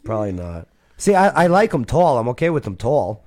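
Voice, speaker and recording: A man's voice: mid-range voice, very animated, a little fast, darkish tone. Joking man hosting a reaction chat. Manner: joking, rambling, with laughs and restarts. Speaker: host.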